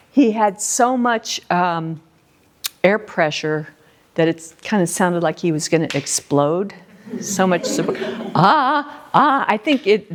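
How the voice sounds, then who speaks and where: A middle-aged woman teaching a flute masterclass, coaching a student and singing short syllables to show how a phrase should move. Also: medium pitch.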